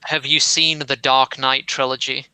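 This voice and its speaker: A man's voice: mid-range voice, level tone, a little slow, sharp tone, smooth, no room sound, low-quality recording. A young British man with a somewhat posh accent, chatting casually as a podcast co-host in a dry, wordy way. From England. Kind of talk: casual chat.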